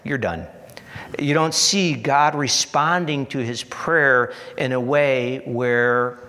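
A man preaching a sermon in an earnest, repeating style, lingering over each phrase at a slow pace. His voice carries a long reverb, as if filling a large hall. He builds to emphatic peaks, then drops to soft asides. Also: mid-range voice. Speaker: pastor.

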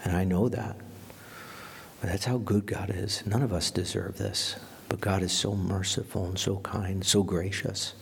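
A man's voice: low-pitched, steady tone, unhurried, gravelly, breathy edge. A man preaching a sermon as pastor, emphatic, dropping to a whisper for quoted lines.

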